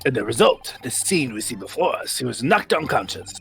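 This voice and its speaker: A man's voice: mid-range voice, big pitch swings, a little fast, gravelly, a bit bright, soft background music. A man voicing a grandiose, eccentric male detective in game dialogue, with a playful, grandly pronounced read.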